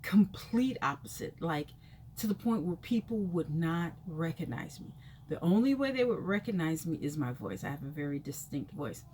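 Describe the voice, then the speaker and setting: A woman vlogger telling a personal story in a casual, rambling way, full of fillers, her pitch leaping when she acts out reactions. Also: moderate pace, a little hiss or hum. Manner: chatty and rambling, full of "you know" fillers; animated, jumps high in pitch when acting out reactions.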